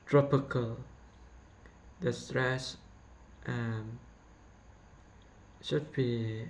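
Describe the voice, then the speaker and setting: A young man giving a class presentation that analyzes mispronunciations, slow and halting with fillers and self-corrections. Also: medium pitch. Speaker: student presenter. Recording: faint background noise.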